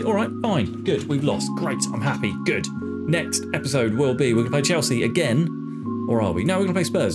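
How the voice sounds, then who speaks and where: A man giving casual, exasperated running commentary on his own video game play, with sarcastic asides about his team. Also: mid-range voice. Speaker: gaming video host.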